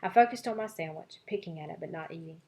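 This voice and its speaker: A woman teacher giving an expressive read-aloud of a children's novel for her class, voicing several child narrators. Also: fairly low pitch, fast talker, a little hiss or hum.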